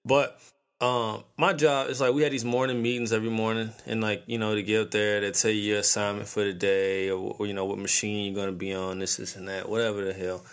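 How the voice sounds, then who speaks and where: A man's voice: lowish voice, flat delivery, a little fast, clear, resonant tone. A man in his thirties hosting a podcast, ranting casually in a profane, slangy storytelling way. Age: 30s. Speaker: podcast host.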